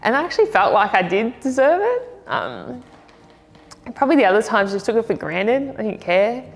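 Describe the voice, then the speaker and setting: A woman's voice: on the high side, sing-song, a little fast, creaky, in a large hall. A woman with an Australian accent, an army veteran and footballer telling her story in a candid, plain-spoken, rambling way. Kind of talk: reflective personal testimony.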